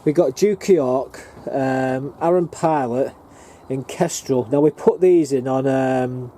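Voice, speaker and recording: Speaking slowly in a dark, mid-range voice, a northern English allotment gardener and vlogger gives a rambling, plain-spoken walking tour of his plot. He talks to the camera he carries, with faint outdoor noise behind him.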